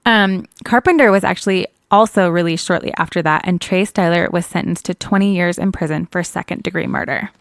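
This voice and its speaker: A true crime podcast co-host casually retells a case, chatty and full of small self-corrections, laughing often. Her voice is lowish and gravelly, and she speaks briskly with few pauses. There's no echo.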